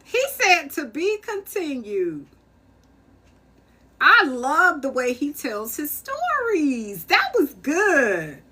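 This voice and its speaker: A woman's voice: high voice, huge pitch swings, drawn-out words, pushed and bright. A woman hosting a live poetry stream, chatting casually and reacting with enthusiasm. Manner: enthusiastic reactions between performances. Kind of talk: casual chat. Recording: music playing behind.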